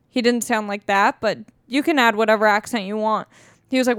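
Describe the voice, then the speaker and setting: A woman's voice: fairly high pitch, a little fast, fairly bright tone, dry recording, studio quality. A woman in her twenties hosting a podcast, rambling in a casual, self-mocking, jokey way. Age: 20s. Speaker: podcast host.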